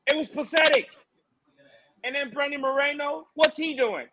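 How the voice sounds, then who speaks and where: A man with a strikingly high, sharp voice co-hosts a combat-sports preview. He rants in an animated, mocking way, full of exasperation. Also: normal speed, rough recording. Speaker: MMA show co-host. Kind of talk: ranting fight preview chat.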